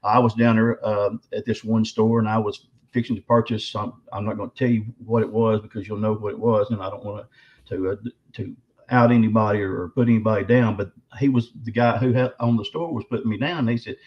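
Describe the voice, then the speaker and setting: A man's voice: fairly low pitch, steady tone, fairly quick. Rambling man telling stories. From Arkansas. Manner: rambling, emphatic storyteller with many restarts. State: voice slightly quivering with emotion. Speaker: guest author and Bigfoot researcher. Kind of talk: casual interview storytelling. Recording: slightly dull lo-fi audio.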